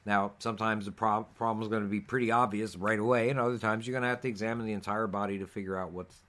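A man's voice: on the low side, fairly even intonation, fast, a bit bright. A man co-hosting a medical preparedness podcast, explaining topics in an easygoing, conversational way with frequent fillers. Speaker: physician co-host.

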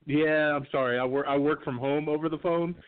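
A man's voice: fairly high pitch, fairly even intonation, a little fast, clear, resonant tone. Rambling man over a phone line. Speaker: caller guest, filmmaker. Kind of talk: casual call-in chat.

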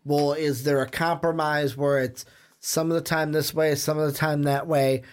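Young male podcast host, loose and profane, slightly higher voice. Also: flat delivery, moderate pace. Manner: loose, swears, frequent "um" fillers. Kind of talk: casual podcast chat.

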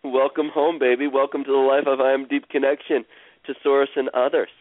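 A man guiding a caller through an emotional healing session, speaking slowly and soothingly and repeating phrases. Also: medium pitch, level tone, no echo. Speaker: healer guiding a caller on a radio show. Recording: dry, tinny phone-like radio sound.

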